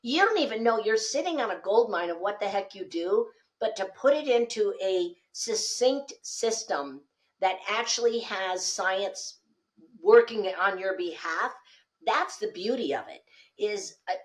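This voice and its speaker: A woman speaking coach, a guest on a podcast, telling animated stories and acting out the dialogue. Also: medium pitch, a little slow. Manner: animated storyteller, acts out quoted dialogue. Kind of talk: lively podcast conversation.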